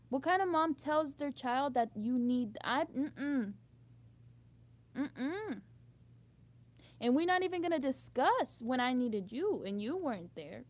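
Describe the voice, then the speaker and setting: A woman's voice: high voice, expressive, a little slow. A young woman in an emotional venting monologue, frustrated and blunt, swearing freely and restarting her sentences as she rambles. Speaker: vlogger.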